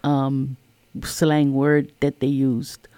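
A radio show guest in casual chat, reminiscing in a slow, agreeable way. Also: medium pitch, level tone, mellow, clear, resonant tone, no echo.

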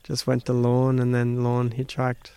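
A man's voice: medium pitch, monotone, measured pace, a little mellow, clean tone, no echo. A man in his thirties with an Australian accent, chatting casually in a laid-back way with short replies. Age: 30s. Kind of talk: casual chat.

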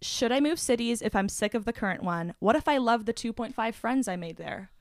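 A young woman hosting a casual chat, talking fast and playful with lots of "like" fillers. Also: fairly high pitch, expressive, no room sound, studio quality. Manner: chatty, filler-heavy, playful. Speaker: podcast host.

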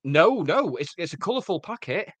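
A man's voice: high-pitched, big pitch swings, moderate pace, fairly bright tone. A man co-hosting a comedy podcast, chatting casually with wry, sarcastic quips. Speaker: podcast co-host.

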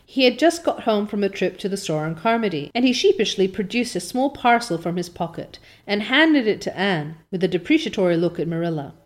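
A woman's voice: mid-range voice, lively intonation, brisk, hardly any pauses. A woman host who reads a novel aloud and chats about it in a casual, rambling way. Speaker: reader and podcast host.

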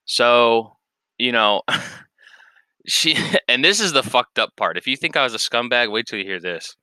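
A young man telling a personal story in a casual, rambling, candid way, swearing freely and filling pauses with "like" and "you know". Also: mid-range voice, lively intonation, sharp tone, clean tone, no echo. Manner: rambling, candid, profane, many fillers.

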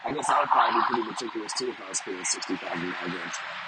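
A middle-aged vlogger and sales professional talks casually to the camera in a rambling, conversational monologue, often repeating himself and checking in with "you know?". His lowish voice races along over steady background noise.

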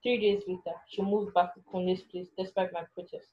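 A woman's voice: on the low side, little pitch movement, a little fast, lo-fi sound. Woman narrating an anxious first-person story.

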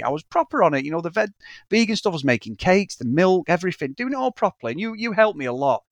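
A man's voice: high voice, fast, no echo. A man in his thirties co-hosting a film podcast, telling stories with lots of swearing and acted-out quotes. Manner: animated storyteller, swears freely, acts out quoted people. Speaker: podcast co-host. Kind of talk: casual film podcast chat.

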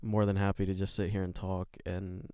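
A young man co-hosting a podcast, talking in a relaxed, rambling way with plenty of swearing and a soft, soothing voice. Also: low voice, moderate pace, smooth, no echo, studio quality. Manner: laid-back, rambling, swears often. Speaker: podcast co-host. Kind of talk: casual chat.

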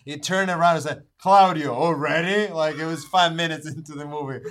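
Podcast cohost guy, laid back, chuckles, voice a bit on the high side. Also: fast talker. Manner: relaxed, plugs links, chuckles. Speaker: podcast co-host. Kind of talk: casual chat.

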